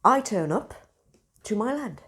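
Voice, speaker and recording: A woman, hosting and telling everyday stories in a casual, expressive monologue. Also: a little high, measured pace. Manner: animated, expressive storyteller. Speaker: spiritual centre host.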